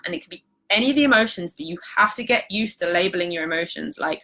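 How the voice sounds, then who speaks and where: Chatty woman with a bright voice. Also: mid-range voice, fast talker, few pauses. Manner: chatty, reassuring, many fillers like "like". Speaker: holistic practitioner hosting a live stream. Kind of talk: casual live-stream talk.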